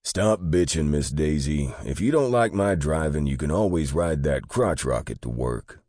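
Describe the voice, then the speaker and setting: A man voicing a big, stubborn male cop who talks gruffly and curtly. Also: rumbling low, moderate pace, dark tone, no echo, clean studio sound, full character voice. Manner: gruff, curt.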